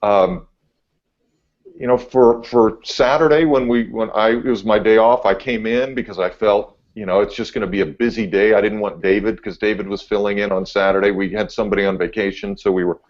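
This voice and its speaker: A laid-back man, a TV meteorologist, telling a story on a podcast, getting animated as he goes. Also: lowish voice, fairly quick. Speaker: TV meteorologist guest. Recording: dull lo-fi audio.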